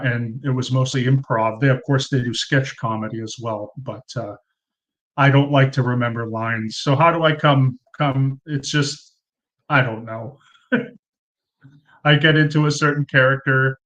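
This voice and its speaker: A man's voice: mid-range voice, fairly bright tone, rough recording. Rambling chatty man on a cheap mic. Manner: chatty, rambling, many ums and uhs, thanks viewers by name. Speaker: livestream host. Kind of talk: casual live Q&A chat. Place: room at home under fluorescent lights. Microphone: cheap desk mic.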